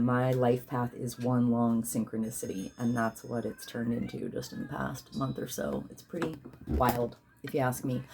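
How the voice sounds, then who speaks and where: A spiritual healer and card reader leads a guided healing session in a rumbling low, slightly mellow voice, chanting affirmations and commanding prayers. She yawns now and then, and there's slight background noise.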